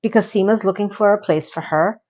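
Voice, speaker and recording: Woman, vlogger, sarcastic episode recap, lively loud-soft delivery, mid pitch, a bit lo-fi. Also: a little fast. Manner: animated, sarcastic, swings between loud and soft. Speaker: TV review vlogger. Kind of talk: casual chatty review.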